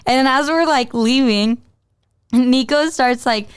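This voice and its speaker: A woman co-hosting a casual podcast, telling a story in an animated way with lots of fillers and playful teasing. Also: high-pitched, measured pace, clean tone. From Mexican-American. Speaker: podcast co-host.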